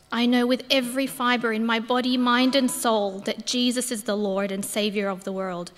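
A woman's voice: a little high, fairly bright tone. A woman acting as Mary Magdalene, reading a heartfelt first-person account in a church. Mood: joyful. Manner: earnest, heartfelt storytelling. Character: Mary Magdalene, grieving then overjoyed woman disciple. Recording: echoey church hall.

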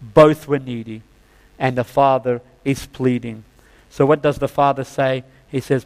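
A man's voice: medium pitch, little pitch movement, normal speed, darkish tone. A man preaching a sermon, retelling a parable and often addressing his listeners as "friends", building to fervent peaks. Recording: long hall reverb.

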